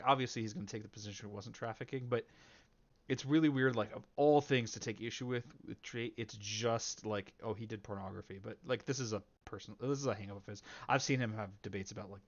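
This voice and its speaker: A man's voice: mid-range voice, highs cut off. A man hosting a debate reaction video in casual commentary, rambling with many fillers and self-corrections. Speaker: reaction channel host.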